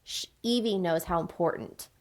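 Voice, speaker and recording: A woman's voice: on the low side, normal speed. A woman co-hosting a book podcast, chatting casually and giggly, gushing about scenes and reading passages aloud. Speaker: podcast co-host.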